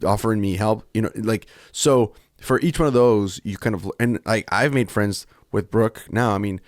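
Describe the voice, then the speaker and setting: A podcast co-host with a lowish voice talks earnestly and at length at a moderate pace in a candid, emotional conversation, frequently breaking off and starting again. The recording is dry with clean studio sound.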